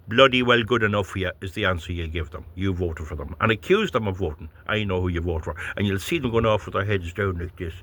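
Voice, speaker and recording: A man's voice: sits low, a little fast, fairly bright tone. A man with an Irish accent giving a blunt, rambling political monologue to camera, stumbling over words and chuckling as he goes. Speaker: vlogger.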